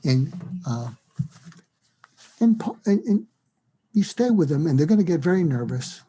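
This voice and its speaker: A man, a psychiatrist, giving advice in an interview, acting out lively example dialogues. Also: a little high, a little slow, husky. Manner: animated, acts out dialogue in quoted voices. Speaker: psychiatrist and guest.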